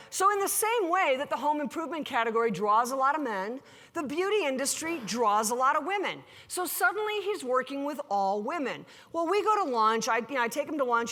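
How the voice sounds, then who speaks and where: A woman's voice: high-pitched, sharp tone. A woman giving a live keynote talk to an audience, telling stories animatedly and acting out the dialogue. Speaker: keynote speaker. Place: large hall before an audience. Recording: long hall reverb.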